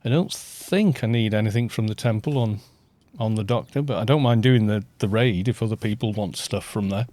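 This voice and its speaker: A man's voice: fairly low pitch, a little fast, hardly any pauses, darkish tone. A man chatting casually on a live game stream, rambling and musing aloud as he answers chat.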